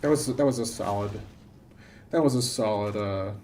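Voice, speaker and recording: A man from the United States giving rambling, self-interrupting live commentary while he plays an online game, with sudden loud bursts of excitement. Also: on the low side, normal speed, slight background noise. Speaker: game streamer. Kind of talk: casual live-stream commentary while gaming.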